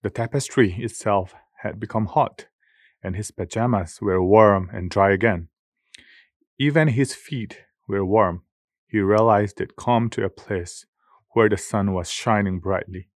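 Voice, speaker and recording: Male audiobook narrator, lowish voice, close dry sound, measured and expressive. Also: no echo. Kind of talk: scripted narration.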